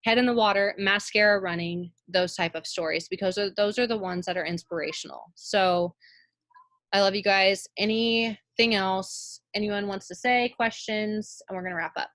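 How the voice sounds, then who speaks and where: A woman's voice: mid-range voice, steady tone, moderate pace, a bit bright, no echo. Woman, team leader, upbeat motivational call, emphatic repeats, dry close sound. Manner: emphatic, repeats phrases for effect. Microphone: call audio.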